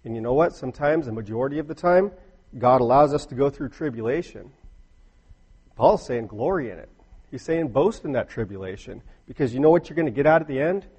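Middle-aged male preacher, husky, earnest storyteller who builds to emphatic peaks. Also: medium pitch, animated, fairly quick, darkish tone, lo-fi sound. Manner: earnest, rising to emphatic bursts, storytelling asides. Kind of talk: sermon.

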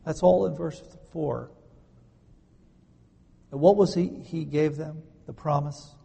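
A man delivers a sermon in a slightly raised, gravelly voice with a husky edge. His tone is warm and mellow. The words ring out in a long echo that fills the church around him. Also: fairly high pitch, steady tone. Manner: earnest preaching, slows down to stress key words. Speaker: pastor. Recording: long hall reverb.

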